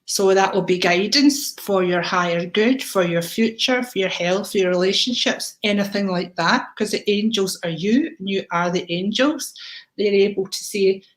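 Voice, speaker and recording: A woman with a Scottish accent hosting a live stream as a psychic medium, chatting warmly and greeting viewers one by one with terms like darling and sweetheart. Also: medium pitch, normal speed. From Scotland. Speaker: psychic medium livestream host.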